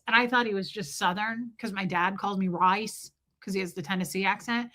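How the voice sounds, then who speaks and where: A woman's voice: mid-range voice, fairly even intonation, a little fast, hardly any pauses, pushed and bright. A woman hosting a livestream, chatting casually and profanely as she tells jokey stories and reacts to chat. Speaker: livestream host reading chat.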